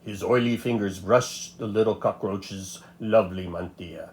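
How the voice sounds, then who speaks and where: A man narrating a children's storybook aloud with a playful, expressive delivery. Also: on the low side, moderate pace, a little hiss or hum.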